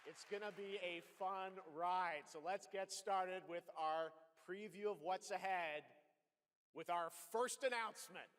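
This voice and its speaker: A man's voice: high-pitched, unhurried, in a large hall, crowd noise. A man hosting a game showcase, talking emphatically and upbeat, speaking straight to players. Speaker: showcase host. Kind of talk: scripted stage presentation.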